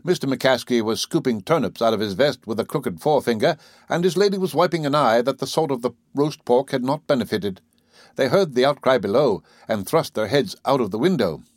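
Measured male audiobook narrator, dry sound. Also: medium pitch, animated, no echo. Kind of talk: scripted narration.

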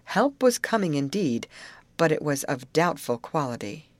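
Woman, audiobook narration, low voice, dry close sound, measured. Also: no echo. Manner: even, measured storytelling. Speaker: audiobook reader.

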